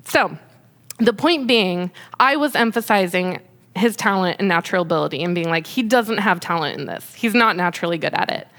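A woman's voice: on the low side, expressive, fairly quick, a bit bright. A woman in her thirties, a mother speaking to an audience about parenting, candid and conversational with many fillers. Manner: emotional, fighting back tears. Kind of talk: personal talk to an audience.

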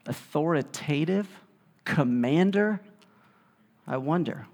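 A man preaching a sermon, telling the story in a lively way and acting out the quotes. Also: fairly high pitch, slow. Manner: animated storytelling, acts out quotes. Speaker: pastor. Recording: long hall reverb.

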